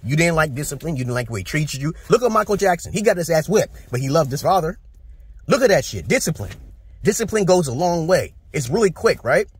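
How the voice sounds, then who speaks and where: A man's voice: on the high side, big pitch swings, fast talker, husky. A man in his forties from Brooklyn with a New York accent, ranting bluntly and profanely in a casual, preachy vlog to his viewers. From Brooklyn, New York, USA. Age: 40s. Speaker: vlogger. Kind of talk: casual rant to camera.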